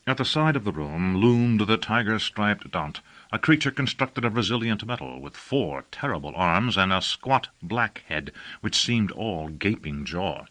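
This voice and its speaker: A male audiobook narrator with a lower voice and a bright, forward tone. He reads in a measured, storytelling manner. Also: expressive. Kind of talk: scripted narration.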